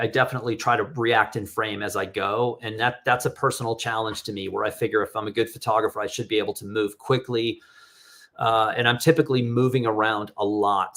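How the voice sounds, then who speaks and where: Reading audience questions aloud, a middle-aged man gives casual, candid, rambling feedback on photos while hosting a live critique as a photographer. He speaks at a fairly low pitch with a bright, forceful tone.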